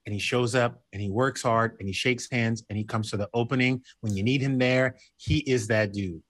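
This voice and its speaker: A man from the American South, a guest on a casual podcast, telling stories in a sassy, blunt, animated way. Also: normal speed, dry recording. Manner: animated storyteller who acts out quotes in a high voice. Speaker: guest, TV host.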